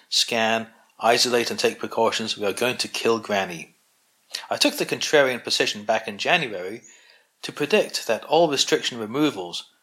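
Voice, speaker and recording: A man with a medium-pitched, pushed, bright voice hosts his own collection, reading an opinion essay aloud with wry, sardonic asides. Now and then he stumbles over a word.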